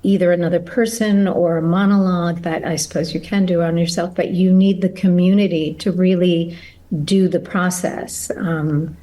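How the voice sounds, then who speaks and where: A middle-aged woman, an actor and guest, speaking reflectively in an interview and pausing to search for her words. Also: on the low side, steady tone, dark tone, rough recording.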